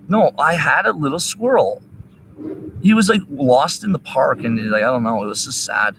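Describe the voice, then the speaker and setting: Man, lively swooping pitch, rambling profane park livestreamer, high, faint outdoor noise. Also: moderate pace, gravelly, rough recording. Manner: rambling, profane, sing-song asides. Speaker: live streamer.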